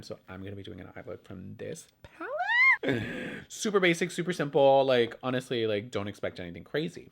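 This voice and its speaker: A man's voice: mid-range voice, fairly bright tone. A young man chatting casually and gossiping while doing his makeup, with lots of "like" and loose swearing. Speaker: beauty vlogger.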